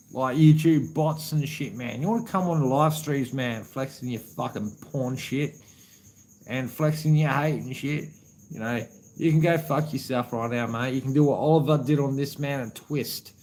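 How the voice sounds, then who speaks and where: A man's voice: mid-range voice, moderate pace, a little mellow, poor audio. An Australian man chatting casually on a live stream, rambling, swearing heavily and calling viewers man and brother.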